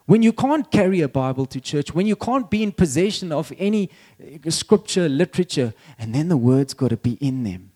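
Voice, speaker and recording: A man's voice: fairly high pitch, sing-song, moderate pace, hardly any pauses, warm tone. A middle-aged man preaching a sermon as pastor, talking conversationally, repeating words and chuckling now and then.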